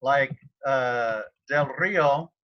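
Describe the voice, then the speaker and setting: Casual male teacher, throat-clearing, lo-fi audio. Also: medium pitch, drawn-out words. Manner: informal, chatty, frequent throat clearing. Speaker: Spanish teacher. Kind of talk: online class lecture.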